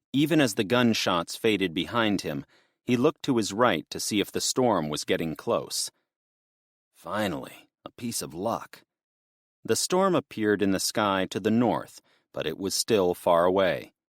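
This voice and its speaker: Deep-voiced male audiobook narrator. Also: no room sound, studio quality. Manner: steady, measured storytelling.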